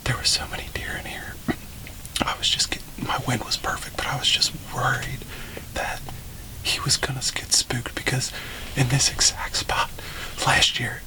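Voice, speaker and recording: A man's voice: mid-range voice, little pitch movement, moderate pace, sharp tone, poor audio. A young man in a whispered hunting vlog, breathless and emotional in an outdoor blind in cold weather. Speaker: bowhunting vlogger.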